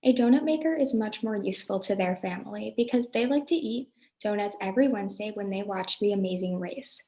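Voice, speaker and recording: A woman's voice: mid-range voice, a little fast, warm tone, natural voice. A woman playing a self-important female gift-exchange expert in a news sketch, explaining earnestly.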